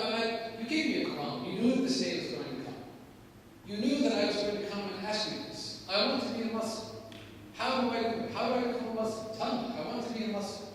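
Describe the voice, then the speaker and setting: An American man in his thirties telling his personal story as a guest speaker, animated, with sudden loud rises. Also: high voice, slight background noise. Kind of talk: personal testimony talk. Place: large echoey hall. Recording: echoey hall, distant mic.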